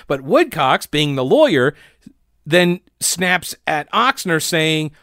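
A man's voice: fairly high pitch, big pitch swings, slow, bright, forceful tone, dry recording. Sarcastic male talk host, dry sound. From North Carolina. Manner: chatty and sarcastic, many fillers and restarts. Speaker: radio talk show host. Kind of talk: casual political commentary.

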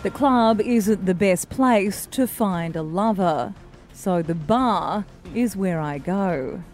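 A woman co-hosting breakfast radio, reading song lyrics in a deadpan newsreader voice. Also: mid-range voice, slow, faint music behind. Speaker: radio co-host.

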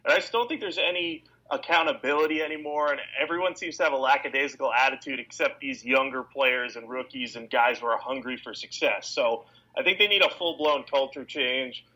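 A man with a mid-pitched, bright and forward voice co-hosts a casual sports podcast. He answers questions with measured, well-organized reasoning. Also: rough recording. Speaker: podcast co-host.

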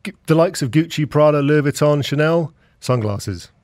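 A man appearing as a guest on a radio show, talking in a measured, explanatory way. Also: fairly high pitch, darkish tone, dry recording, studio quality. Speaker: guest magazine editor. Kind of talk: casual radio chat.

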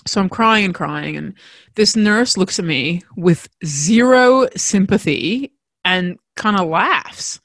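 A woman telling a personal story as a mother in a frank, expressive, self-mocking way, swearing casually. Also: medium pitch, slow, dry recording.

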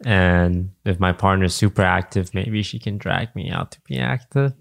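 A man's voice: deep voice, steady tone, moderate pace, creaky. A man co-hosting a podcast in a casual chat, dry and teasing as he leads the segment. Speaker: podcast co-host.

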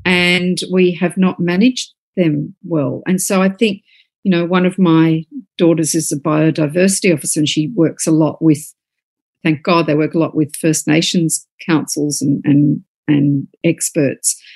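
A woman's voice: sits low, fairly even intonation, a little slow, a little mellow, slightly rough. A middle-aged woman, an author, talking earnestly on a podcast, often repeating words as she gathers her thoughts. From Australia. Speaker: author and guest. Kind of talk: casual podcast conversation.

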